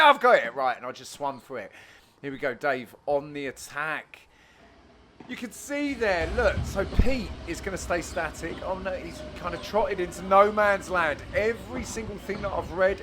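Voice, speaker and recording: A man commentating over footage of his own amateur padel match in a casual, self-deprecating way, teasing his friends, with sudden bursts of excitement. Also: fairly high pitch, slight background noise.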